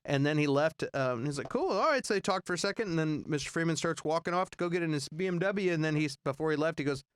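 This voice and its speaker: A fairly high-voiced man in his forties spins rambling road stories with plenty of restarts and fillers. He jumps into high-pitched impressions when he quotes people. The recording is close and dry. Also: fast, smooth, no echo. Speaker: band member telling road stories. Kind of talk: casual storytelling chat.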